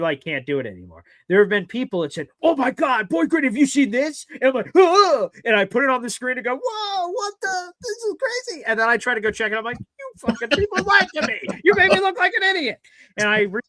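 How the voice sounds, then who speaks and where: A man hosting a casual sports talk stream, animated and given to loud exclaiming. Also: high-pitched, dry recording, low-quality recording. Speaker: podcast host. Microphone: streaming studio mic.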